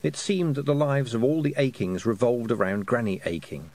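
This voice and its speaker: A man narrating an audiobook in an expressive storytelling manner. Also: mid-range voice, moderate pace. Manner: expressive storytelling, voicing the characters. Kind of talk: scripted narration.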